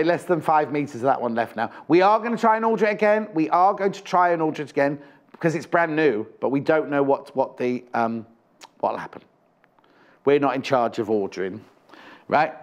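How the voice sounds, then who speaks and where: In a TV studio, a man runs a live home shopping broadcast selling fabric. His voice is a little high for a man, and he chats and teases nonstop, rattling off prices between jokes.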